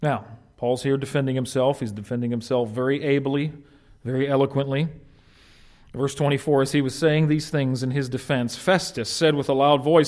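A pastor preaching a conversational sermon, animated and informal, often restarting his phrases. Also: medium pitch, normal speed.

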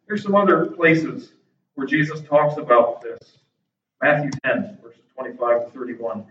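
A man preaching a sermon to his congregation, animated and acting out people's reactions. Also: medium pitch, measured pace, a little hiss or hum. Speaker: pastor. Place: church sanctuary. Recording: echoey, distant, dull church recording.

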